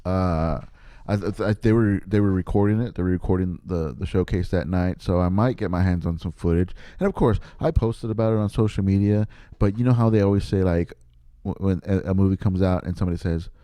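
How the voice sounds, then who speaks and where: A man's voice: low voice, brisk, warm tone, no echo. A man, a podcast host and comedian, telling a rambling story casually, laughing often and poking fun at himself.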